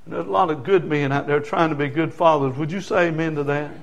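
A man's voice: fairly high pitch, fairly even intonation, fast, vocal fry. A middle-aged man preaching a fervent sermon and calling the congregation for amens. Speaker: pastor.

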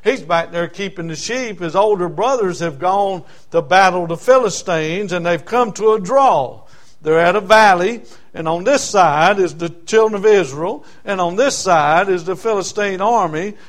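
A man's voice: high voice, moderate pace. A man with a Southern US accent preaching a folksy, fervent sermon, retelling a Bible story. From South Carolina.

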